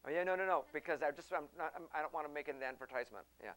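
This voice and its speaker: A middle-aged man hosts a talk and tells a personal story with lots of energy, acting out the people he quotes. His voice is fairly high and rapid-fire, and the audio quality is poor.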